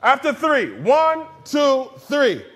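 High-voiced preacher man, slow drawl. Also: sing-song, fairly bright tone. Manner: slow, drawn-out delivery with repetitions. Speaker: pastor. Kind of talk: sermon with congregation call-and-response. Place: church sanctuary.

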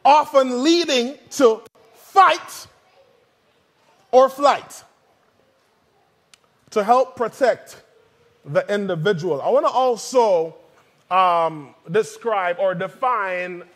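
High-voiced preacher man, slow drawl. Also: a bit bright. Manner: slow, drawn-out delivery with repetitions. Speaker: pastor. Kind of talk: sermon with congregation call-and-response. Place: church sanctuary.

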